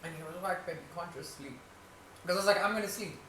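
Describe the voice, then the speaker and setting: A woman with a fairly low voice tells a road-trip story, throwing herself into the quoted lines. The sound is roomy and slightly distant, with steady background noise. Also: quick pace. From South Africa. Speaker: podcast co-host. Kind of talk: casual chat. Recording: echoey room, mic at a distance, noisy.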